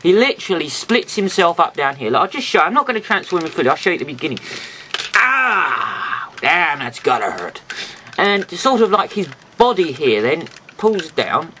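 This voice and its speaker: A man's voice: sits high, big pitch swings, fast, hardly any pauses, fairly bright tone, slight background noise. A man with a slightly stuffy, nasal voice, chatting casually through a toy review with rambling, jokey asides.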